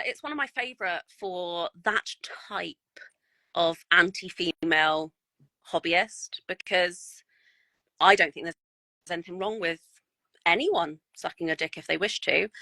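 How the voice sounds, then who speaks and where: A woman's voice: on the low side, lively intonation, measured pace, sharp tone, no echo, poor audio. A woman, a guest miniature painter, chatting bluntly and frankly on a podcast and swearing freely. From United Kingdom. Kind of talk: casual podcast chat.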